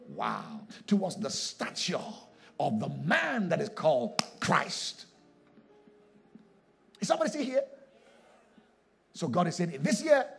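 Husky, gravelly man preaching a sermon. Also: fairly high pitch. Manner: emphatic preaching, swings from hushed to shouting. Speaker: pastor.

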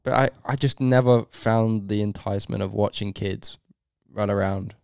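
A man's voice: on the low side, fairly even intonation, moderate pace, gravelly, darkish tone, no room sound, studio quality. A man co-hosting a casual sports podcast, chatty and teasing, hedging his opinions. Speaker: podcast co-host.

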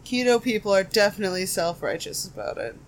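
A woman's voice: medium pitch, big pitch swings, fast, slight background noise. A woman co-hosting a podcast in casual chat, blunt and sardonic, swearing and laughing often. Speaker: podcast co-host.

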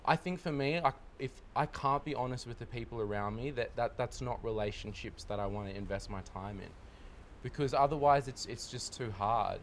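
Mid-pitched man, measured and candid panel guest, faint room ambience. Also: slight background noise. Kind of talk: candid personal reflection in a group chat.

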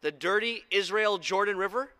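A man's voice: high-pitched, moderate pace, pushed and bright, clean tone, dry recording, voice pushed up. A man voicing a proud, indignant army general who boasts in huffy outbursts.

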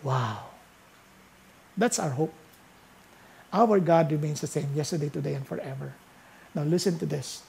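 A preacher with a Filipino accent delivering a sermon, mixing Tagalog and English, who swings between loud exclamations and hushed, slow scripture reading. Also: mid-range voice, gravelly.

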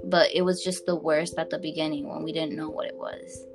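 A young woman casually telling a personal story to a friend on a podcast, animated and full of fillers, calling her listener "girl". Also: deep voice, a little fast, music in the background.

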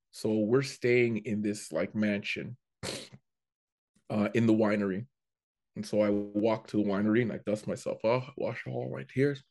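A man, a comedian, telling a story in a casual chat, animated and prone to restarting his sentences. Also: fairly low pitch, moderate pace. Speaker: comedian guest.

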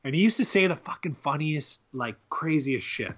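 A man's voice: a little high, lively intonation, moderate pace, highs cut off. A young man co-hosting a podcast, rambling and laughing as he tells stories, swearing freely. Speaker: podcast co-host. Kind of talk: casual chat.

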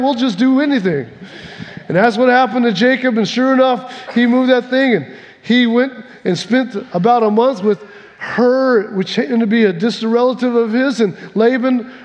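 Folksy high-voiced preacher in a reverberant hall. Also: male voice, dull audio. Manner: folksy storytelling, acting out the characters' lines. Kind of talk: sermon.

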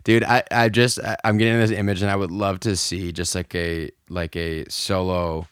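A deep-voiced man chatting on a podcast, his talk tumbling out in quick, animated bursts full of fillers and restarts. The sound is close and dry, with no room around it. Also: clear, resonant tone, no room sound. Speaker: podcast co-host. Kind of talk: casual movie discussion.

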